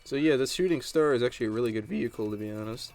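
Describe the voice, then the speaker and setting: A man's voice: medium pitch, very fast, darkish tone, faint music behind. A man giving casual gameplay commentary, rambling and chatty as he tells stories while he plays. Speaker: gaming channel host.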